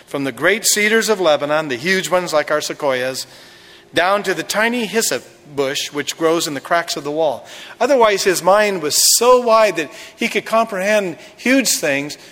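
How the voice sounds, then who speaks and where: Preaching as pastor, this man blends folksy storytelling with humor throughout his sermon. The sound carries a long reverb tail, and his voice pitches fairly high with a rather bright quality.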